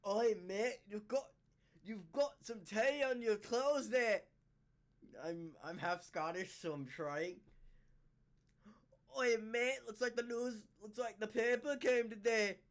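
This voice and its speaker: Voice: mid-range voice, steady tone, unhurried, few pauses, pitched below the performer's own voice, natural voice. A reaction host putting on a mock accent as a crude, rambling British pub bloke.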